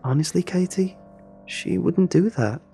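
A sombre, earnest teenage schoolgirl, as a male storyteller puts her on. She speaks in a lifted, husky voice. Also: high voice, unhurried, mellow, faint music behind, pitched above the performer's own voice, exaggerated voice. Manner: sombre, pleading.

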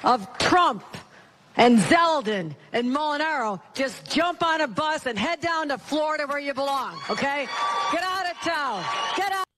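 A woman politician giving a loud, taunting rally speech. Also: high voice, lively intonation, a little slow, noisy background. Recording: distant rally clip with loud crowd.

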